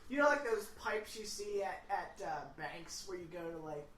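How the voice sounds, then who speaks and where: A man co-hosting a casual podcast, telling stories in a giggly, animated way. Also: high-pitched, normal speed, far from the mic. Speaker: podcast co-host. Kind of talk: casual chat. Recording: echoey room, off-mic, faint noise.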